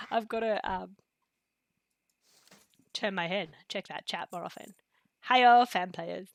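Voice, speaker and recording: A woman chatting casually on a live game stream, rambling with many fillers and dropping into soft asides. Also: mid-range voice, a little slow, creaky, pauses often, no echo. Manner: rambling, chatty, full of fillers and pop-culture quotes. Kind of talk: casual live-stream chat while gaming.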